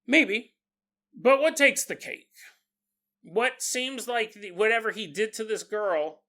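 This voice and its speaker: A podcast host, a man with a high, bright, ringing voice, retells a paranormal tale as comedy. His pitch swings widely as he laughs and puts on mock voices for the people in the story.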